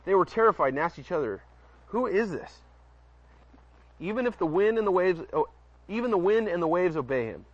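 A man with a high voice preaches expressively and fast, reading aloud from the Bible, tripping over words often and throwing in casual asides to listeners. Outdoors at night by a porch, the dull lo-fi recording has no room sound.

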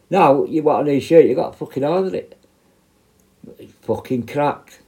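A middle-aged man, a prison officer telling stories in a blunt, swear-heavy, animated way. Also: on the high side, normal speed. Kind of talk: casual storytelling monologue.

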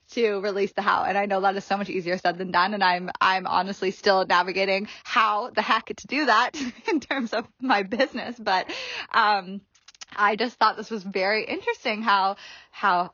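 A woman's voice: medium pitch, sharp tone, dry recording. A woman hosting a solo podcast, talking casually and chattily with many fillers and frequent laughs. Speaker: podcast host. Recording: dry, slightly dull podcast audio.

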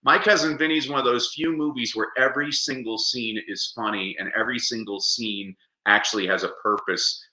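Animated, jokey man, bright and echoey. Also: medium pitch, brisk, few pauses. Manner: animated, jokey, laughs often. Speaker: interview guest. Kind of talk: casual interview chat.

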